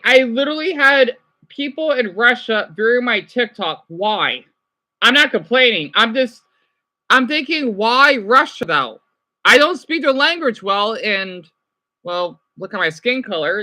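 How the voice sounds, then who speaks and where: A man's voice: very high voice, bright, forceful tone, low-quality recording. A young man reading viewers' chat comments aloud and answering them on a casual livestream. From United States.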